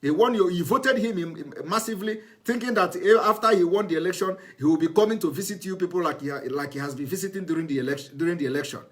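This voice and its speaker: A man's voice: high voice, fast, hardly any pauses. A man giving heated political commentary, scornful, repeating phrases and firing rhetorical questions at his viewers. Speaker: online show host commenting on a TV clip.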